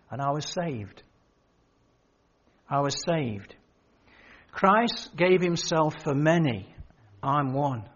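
An older man preaches a sermon full of anecdotes, telling stories and quoting the people in them with rising emphasis. His voice is a little high with a breathy edge, captured in a dull lo-fi sermon recording.

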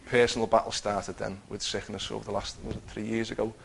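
A man's voice: on the low side, level tone, fast, vocal fry, slightly rough. A man giving an earnest personal testimony, telling his story with many restarts. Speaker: testifying believer.

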